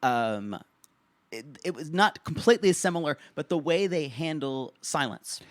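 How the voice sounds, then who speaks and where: Male podcast co-host, lively swooping delivery, raunchy humor, frequent laughs, dry close mic. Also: on the high side, moderate pace, no echo. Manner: animated, raunchy, laughs often. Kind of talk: casual comedic recap chat.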